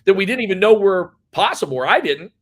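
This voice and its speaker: A man's voice: high-pitched, fast talker. A man, a head basketball coach, telling stories in a casual, rambling interview. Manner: rambling, animated storyteller.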